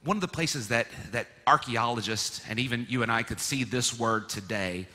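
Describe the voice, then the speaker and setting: Bright-voiced pastor preaching in a reverberant church. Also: male voice, mid-range voice, normal speed. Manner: lively, playful teaching, leads congregation in repeating words. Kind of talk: sermon. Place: church sanctuary. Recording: long hall reverb of a church.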